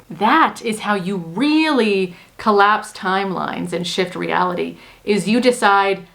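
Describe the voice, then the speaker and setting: A woman's voice: mid-range voice, slow, fairly bright tone. A woman who works as a manifestation coach, explaining ideas in a casual, earnest way that is reassuring and full of "like" and "so". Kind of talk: casual teaching monologue.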